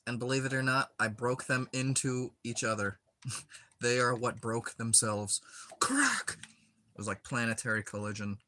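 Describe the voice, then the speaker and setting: A man's voice: mid-range voice, little pitch movement, normal speed, sharp tone, a little hiss or hum. A young man chatting casually while he plays a game, rambling with lots of filler words and frequent giggles. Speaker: gaming streamer.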